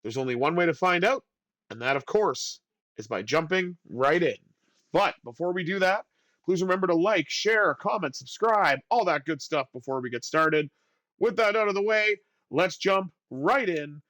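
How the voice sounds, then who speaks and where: A man hosting a video game channel, giving excitable play-by-play commentary that jumps up on big plays. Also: high voice, moderate pace, dry recording.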